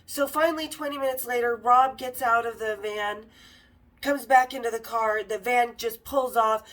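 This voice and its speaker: A woman hosting a podcast, telling a candid story in a casual, profane and animated way. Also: fairly high pitch.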